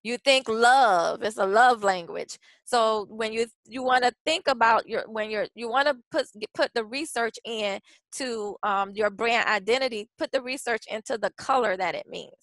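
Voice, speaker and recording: A woman's voice: a little high, normal speed, a bit bright, no echo, rough recording. A woman presenting a branding workshop in a chatty, casual way, with frequent restarts and fillers. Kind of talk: casual webinar teaching.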